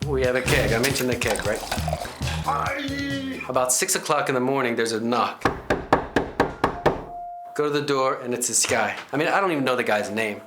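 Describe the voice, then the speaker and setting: A man's voice: medium pitch, moderate pace, pauses often, over loud music. Rambling man telling a funny story. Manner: rambling, chatty, full of asides and digressions. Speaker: host and narrator of a comedy reenactment show. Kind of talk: comedic first-person storytelling.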